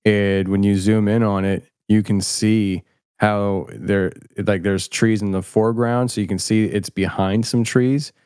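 Casual guest spot: middle-aged man, low voice, rambling, self-mocking, dry close sound. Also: fairly even intonation, measured pace, darkish tone, clear, resonant tone, no echo. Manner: rambling and self-deprecating, many restarts. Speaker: podcast host, guest filmmaker. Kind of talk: casual interview chat.

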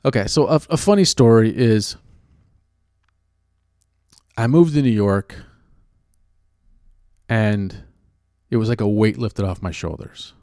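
A man's voice: lowish voice, slow, pauses often, darkish tone, dry recording, clean studio sound. A man from California who works as an actor and writer talks in a casual chat. He is sarcastic and profane, and he rambles with many restarts.

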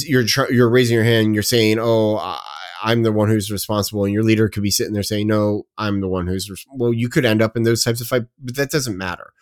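A man's voice: on the low side, no room sound, studio quality. A man co-hosting a podcast, ranting emphatically and repeating himself as he makes his point. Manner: emphatic, repetitive, self-interrupting. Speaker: podcast co-host. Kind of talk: casual ranting chat.

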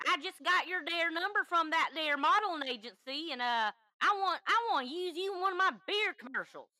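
A woman voicing a sleazy male caller with a deliberately bad Southern accent, overfamiliar and wheedling. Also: very high-pitched, animated, bright, forceful tone, dry recording, pitched above the performer's own voice, full character voice. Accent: fake Southern US.

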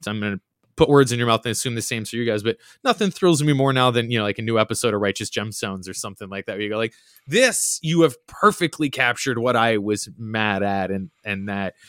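A man's voice: mid-range voice, clean tone, no echo, studio quality. A young adult man, a podcast guest, telling casual stories and acting out quotes in a raised voice. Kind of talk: casual storytelling chat.

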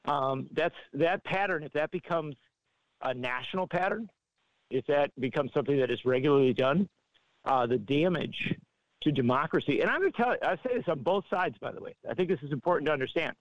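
A man speaking as a journalist guest in a calm, deliberate manner, pausing between points. He calls in on a phone line that sounds dull and dry. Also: a little high, no room sound. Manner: deliberate, explanatory, with pauses. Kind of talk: measured political commentary on a phone line.

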